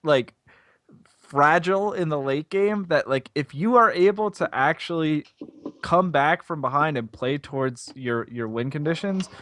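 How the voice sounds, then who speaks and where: A man's voice: fairly high pitch, a little slow, fairly bright tone, dry recording. A man co-hosting a casual gaming podcast, giving frank advice with lots of "like" fillers. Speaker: podcast co-host.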